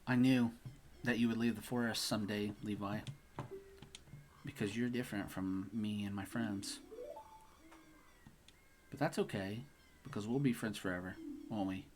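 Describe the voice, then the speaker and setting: A man softly reading aloud the lines of a sweet, gentle girl from the forest while playing a game. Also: on the low side, fairly even intonation, normal speed, pauses often, background noise, close to an everyday voice. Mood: tender.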